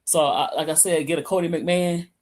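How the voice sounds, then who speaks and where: A woman's voice: on the low side, fairly even intonation, fairly quick, darkish tone. A woman from Michigan co-hosting a casual sports chat, rambling and restarting often, speaking from a computer away from her mic. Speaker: sports podcast co-host. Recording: remote call audio, from off-mic.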